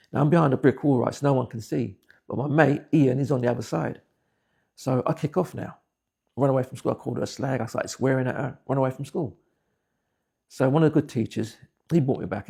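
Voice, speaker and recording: Guy in his 50s, husky dark voice, blunt way of telling what happened to him. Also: medium pitch. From England. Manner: blunt plain-spoken storytelling. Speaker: interviewee. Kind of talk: personal testimony.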